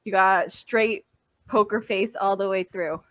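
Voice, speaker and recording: A woman's voice: medium pitch, steady tone, a little slow, a bit bright, dry recording. A woman co-hosting a casual podcast chat over drinks, joking and giggling as she explains the rules of a game. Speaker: podcast co-host.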